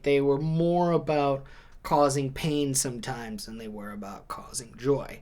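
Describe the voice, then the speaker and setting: A man comedian delivering a scripted comedy monologue with a conversational setup and punchy one-liners. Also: fairly high pitch.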